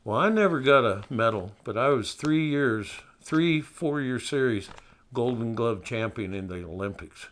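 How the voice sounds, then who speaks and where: A man's voice: mid-range voice, animated, a little slow, a bit bright. An older man voicing a small, polite, tough young cowboy in a story. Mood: boastful. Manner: polite, drawling.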